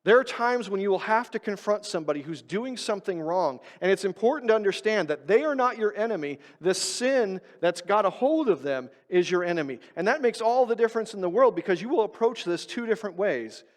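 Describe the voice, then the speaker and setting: A male pastor giving an emphatic sermon, pushing his stresses loud and then dropping to quiet, low asides. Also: animated, fairly quick, few pauses, big-room sound. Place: church sanctuary.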